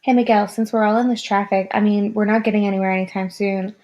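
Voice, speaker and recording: A woman's voice: medium pitch, flat delivery, quick pace, a little mellow, lo-fi sound, natural voice. A woman reading an earnest young woman.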